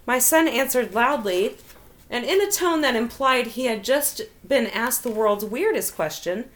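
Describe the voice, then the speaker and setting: A woman with a high voice reads funny stories aloud in a casual chat, laughing often between them. Her pitch swings widely and brightly as she tells each one. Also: expressive, measured pace. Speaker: host reading out funny stories.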